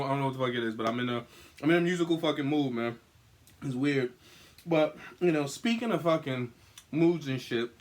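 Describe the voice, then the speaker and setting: Young male podcast host, profane and rambling, still recovering from being sick, mid-pitched voice, recorded in a room at home. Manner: profane, animated and rambling, breaks into singing. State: recovering from illness. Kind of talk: casual solo podcast monologue.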